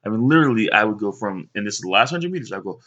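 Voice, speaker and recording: A young man casually telling rambling stories to his sons, with many fillers and lively bursts when he quotes others. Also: fairly low pitch, racing, highs cut off. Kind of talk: casual storytelling to camera.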